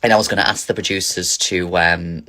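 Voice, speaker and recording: A man's voice: low-pitched, fairly even intonation, fairly quick, pushed and bright. A man casually chatting on a phone livestream as a drag performer, reading viewer questions aloud and answering with camp, giggly energy.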